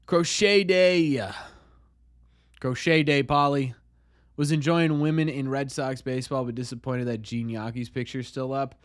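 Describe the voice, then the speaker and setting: A young man hosting a casual live stream, chatting and greeting viewers by name. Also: a little high.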